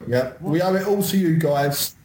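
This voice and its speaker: A man's voice: fairly high pitch, normal speed, darkish tone, reverberant, a little hiss or hum. A man co-hosting a casual podcast, joking and wry. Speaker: podcast co-host.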